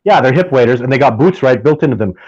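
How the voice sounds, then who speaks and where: A man guesting on a casual interview, telling stories in an animated, emphatic way and often restarting his sentences. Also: mid-range voice, quick pace, breathy edge, dry recording. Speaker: podcast guest, field researcher. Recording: dull lo-fi dry sound.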